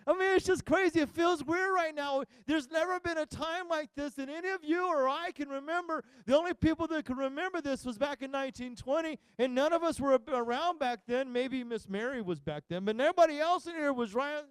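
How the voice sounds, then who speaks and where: A man's voice: extremely high pitch, a little fast, few pauses, no room sound. A male pastor giving a humorous sermon, telling stories and acting out the voices of the people in them. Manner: jokey storyteller acting out quoted voices. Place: church service live stream.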